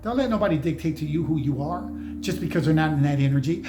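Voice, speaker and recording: A man's voice: on the high side, fast. A man giving an emphatic, slangy motivational monologue on spiritual matters, lecturing his viewers directly. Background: music playing behind.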